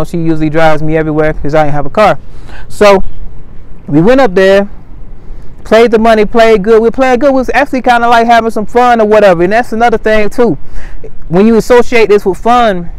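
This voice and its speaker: A man candidly telling the story of his gambling addiction, animated and emphatic, repeating phrases for effect in loose conversational speech. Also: sits high, clear, resonant tone, rough recording. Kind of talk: candid personal storytelling to camera.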